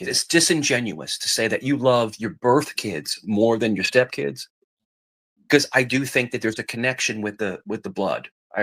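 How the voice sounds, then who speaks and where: A man's voice: medium pitch, a bit bright. A middle-aged man in casual chat, rambling and repeating himself as he tells family stories. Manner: rambling, repeats himself, acts out quoted voices. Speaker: podcast guest telling family stories.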